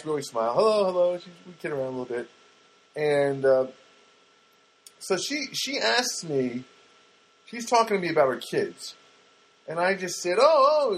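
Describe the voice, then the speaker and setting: A man's voice: fairly high pitch, husky, poor audio. A middle-aged man telling rambling personal anecdotes in a casual monologue, often restarting and correcting himself. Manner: rambling, self-correcting, animated when quoting others. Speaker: storyteller.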